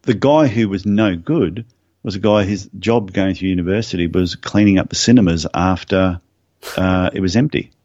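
A man's voice: deep voice, normal speed, no room sound, lo-fi sound. A man who is a podiatrist, guest on an interview podcast, telling anecdotes in a casual way. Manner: storytelling, animated anecdotes.

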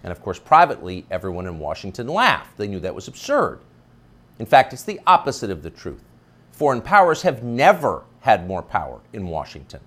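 A man's voice: on the low side, huge pitch swings, brisk, a bit bright. A man delivering a scripted opinion monologue as a commentator, emphatic and sardonic.

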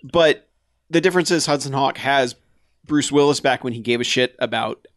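A man's voice: mid-range voice, moderate pace, dry recording, studio quality. A man in a casual movie review chat, wry and profane, often acting out what others said. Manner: wry, profane, mimics people. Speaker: podcast co-host.

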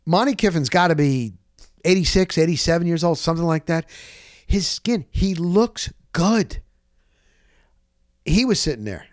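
A man's voice: a little high, a little slow, long pauses, dry recording, clean studio sound. Chatty New man spinning anecdotes. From New Jersey. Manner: rambling, animated anecdotes with self-corrections and quoted dialogue. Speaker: podcast host. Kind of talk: casual storytelling.

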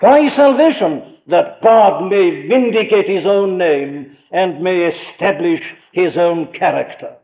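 A man preaching a sermon, asking his listeners question after question and slowing down to stress key phrases. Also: high voice, expressive, long reverb tail. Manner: emphatic, asks the listener rhetorical questions; slows down and rises for stressed phrases. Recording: thin, phone-like old archive recording.

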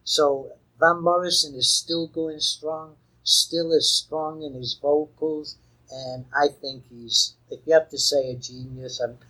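Husky, enthusiastic male podcast host. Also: a little high, steady tone, slow, sharp tone, poor audio. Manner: enthusiastic, rambling, playful. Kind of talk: casual music podcast chat. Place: outdoors.

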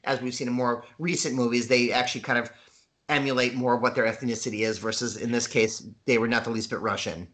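A man co-hosting a casual film podcast, speaking in a measured way while searching for words. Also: mid-range voice, pushed and bright. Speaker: podcast co-host.

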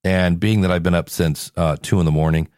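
A man's voice: low voice, steady tone, brisk, darkish tone, smooth, no room sound, studio quality. A male podcast host talking casually on his show, tired and sick with a cold, rambling and joking at himself. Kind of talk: casual solo podcast talk.

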